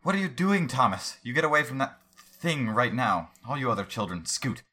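A man voicing a stern, frightened mother who scolds in a shrill raised voice. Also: expressive, moderate pace, sharp tone, slightly rough. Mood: alarmed.

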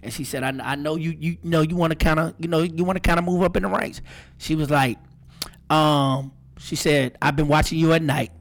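Man, podcast host, lively storytelling, a bit higher voice. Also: brisk. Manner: animated, acts out quotes. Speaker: podcast host, radio personality. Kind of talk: casual storytelling chat.

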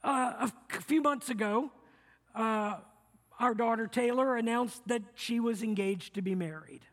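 A man's voice: very high-pitched, measured pace, a bit bright. A middle-aged male pastor preaching a sermon, earnest and repetitive, leading the congregation to repeat lines back to him. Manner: earnest, repeats phrases, leads the congregation in call-and-response. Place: church sanctuary. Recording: long reverb of a church hall.

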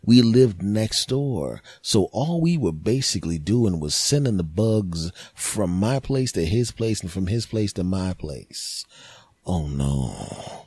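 Low-voiced guy comedian rambling a cussy story on his podcast, dry close sound. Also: lively intonation, a little slow, few pauses, a little mellow, slightly rough, dry recording. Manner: profane, rambling, jokey.

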